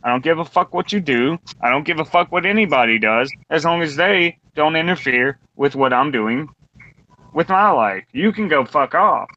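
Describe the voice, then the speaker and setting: A man's voice: on the high side, expressive, moderate pace, bright, forceful tone. A man in his twenties ranting bluntly and profanely in a casual round-table talk. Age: 20s. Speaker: podcast co-host. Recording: dull lo-fi recording.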